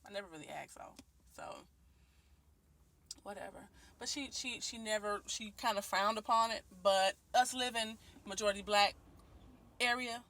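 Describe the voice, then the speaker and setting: A woman's voice: medium pitch, normal speed, a bit bright. A woman in her late twenties from Detroit, talking candidly and earnestly into her phone camera, with many ums and restarts. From Detroit, Michigan, USA. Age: 20s. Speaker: vlogger. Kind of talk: personal video monologue. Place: at home and out in her neighborhood.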